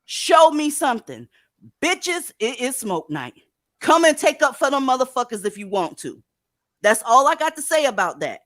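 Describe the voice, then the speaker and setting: A woman's voice: high-pitched, very animated, normal speed, fairly bright tone, no echo, clean studio sound. A woman hosting a livestream, giving blunt, profane, sarcastic commentary in a scolding tone. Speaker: livestream host.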